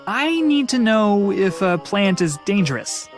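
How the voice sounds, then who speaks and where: A woman's voice: mid-range voice, big pitch swings, unhurried, soft background music. A woman voicing a clumsy, good-natured young male lab assistant in a game, quippy and mildly sarcastic. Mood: wry. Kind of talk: video game voice acting.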